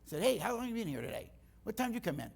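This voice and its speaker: A man's voice: high voice, racing, gravelly, slightly rough. A middle-aged man speaking in church, telling stories and acting out the dialogue. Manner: animated storytelling, acting out dialogue. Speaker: guest speaker. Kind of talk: church teaching talk.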